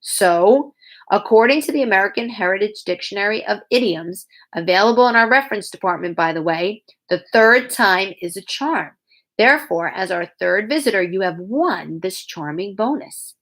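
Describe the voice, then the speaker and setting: Storybook role: cheery male announcer who booms his lines, as a female narrator puts him on. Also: lively intonation, normal speed, fairly bright tone, poor audio. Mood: jolly. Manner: booming, jolly. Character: jolly booming male library announcer.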